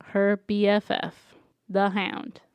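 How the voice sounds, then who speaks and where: Young woman, podcast co-host, casual recap; smooth clear voice, dry close sound, chatty "like"-heavy delivery. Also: mid-range voice, monotone, slow, no room sound, highs cut off. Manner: chatty, lots of "like", acts out characters' lines.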